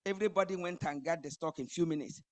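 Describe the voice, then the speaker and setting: A woman preaching a sermon, building emphatically to loud high climaxes. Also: fast talker.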